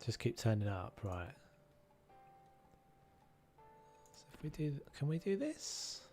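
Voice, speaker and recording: A man's voice: mid-range voice, very animated, takes it slowly, mellow, soft background music. A man casually chatting and musing aloud while live-streaming a game, now and then humming tunes.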